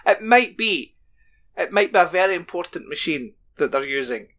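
A man's voice: high voice, lively intonation, moderate pace, pushed and bright. A man co-hosting a casual podcast, chatting about a TV show and reading plot summaries aloud. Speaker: podcast co-host. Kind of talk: casual chat.

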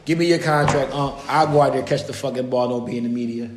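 A man ranting in casual chat, loud and profane, jumping between jokes and complaints. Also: medium pitch, steady tone, fast, echoey room, a little hiss or hum.

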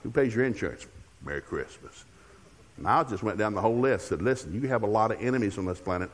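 A man's voice: lowish voice, very fast, in a large hall. An older man preaching as a guest speaker in a church, telling humorous family stories and acting out the dialogue. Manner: humorous storytelling with acted-out dialogue. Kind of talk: sermon. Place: church sanctuary.

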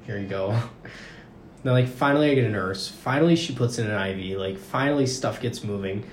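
A young man chatting casually, his story spilling out in a rambling stream full of "like"s. He talks at a middling pitch. The recording sounds roomy, with a faint hiss underneath. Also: fairly quick. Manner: rambling, says "like" constantly. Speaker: podcast guest recounting a story. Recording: roomy room with faint noise.

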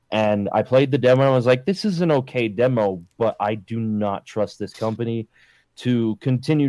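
Low-voiced laid-back man, dry sound. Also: a little mellow, dry recording, poor audio. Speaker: podcast co-host and streamer. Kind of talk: casual chat.

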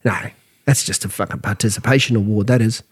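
A man's voice: lowish voice, fast talker, slightly rough. A tired, tipsy Australian man in his thirties, co-hosting a crude, casual pub chat. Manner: blunt, swearing, laughs loudly at his own jokes. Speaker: podcast co-host.

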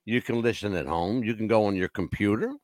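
A man co-hosting a casual roundtable chat, joking around and laughing loudly. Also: fairly low pitch, fairly quick, dry recording. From United States. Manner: animated, joking, loud laughs. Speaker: co-host.

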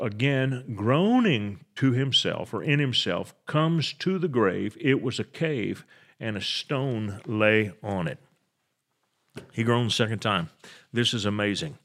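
An older man preaching a sermon, reading scripture aloud and explaining it in an earnest, plain way, with halting restarts. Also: fairly low pitch.

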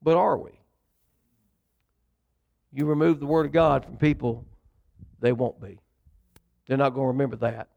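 A man's voice: mid-range voice, flat delivery, moderate pace, vocal fry, long pauses, a little mellow, highs cut off. A man preaching a sermon, reading scripture aloud and acting out quotes with asides to his congregation. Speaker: pastor.

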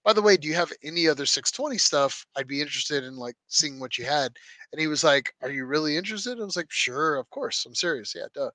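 A man with a bright, somewhat raised voice chats casually as a podcast co-host. He tells stories in a loose, rambling way, full of fillers and restarts. The sound is dry and close. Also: a little high, quick pace, no echo. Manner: rambling, animated storyteller with many fillers. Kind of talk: casual chat.

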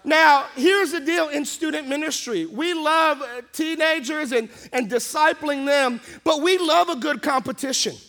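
High, bright-voiced man preaching. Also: unhurried, hardly any pauses. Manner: animated storytelling, acting out the scenes. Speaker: pastor. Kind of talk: sermon.

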